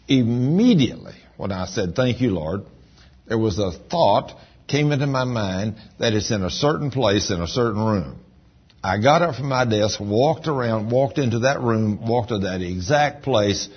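Male pastor, down-home sermon storyteller; husky, slightly low voice on a dull recording. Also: expressive, normal speed. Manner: folksy storytelling, rises in emphasis.

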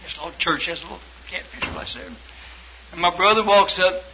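An older man preaching a testimony, fervent and storytelling, swinging between loud and hushed. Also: high voice, brisk. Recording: dull lo-fi broadcast with faint hiss.

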